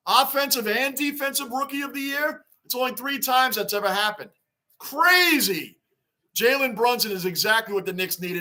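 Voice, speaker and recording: High, bright-voiced man hosting a livestream. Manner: chatty, greets viewers by name, repeats himself. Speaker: livestream host reading fan chat. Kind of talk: casual sports livestream chat.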